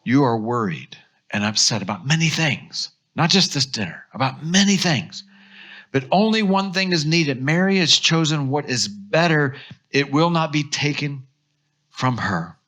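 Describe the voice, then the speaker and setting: Bright, animated male pastor preaching. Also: on the high side, unhurried. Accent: American. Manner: animated storytelling, acts out quotes. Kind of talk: sermon.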